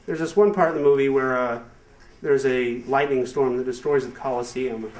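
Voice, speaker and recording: A young man doing a rambling stand-up comedy routine with hesitant fillers and deadpan asides to a live audience. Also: mid-range voice, moderate pace. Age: young adult. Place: live show venue with audience. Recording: echoey room, far from the mic, noisy amateur recording.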